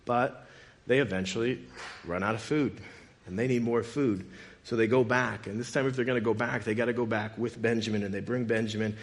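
A man preaching in a casual, conversational way, retelling a Bible story with lively quoted dialogue. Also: lowish voice, fairly quick.

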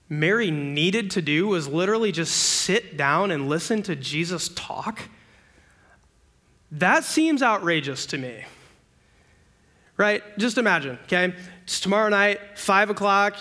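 Young man, sermon, bright forceful tone, slightly high voice, conversational preaching, rhetorical questions. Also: unhurried. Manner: acts out everyday scenes with sudden bursts of excitement. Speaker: campus ministry preacher.

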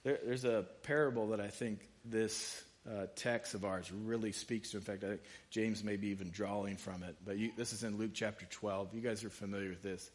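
A man's voice: on the low side, fairly even intonation, normal speed, few pauses. A man preaching a sermon, talking casually and reading scripture aloud with rising emphasis. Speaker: pastor.

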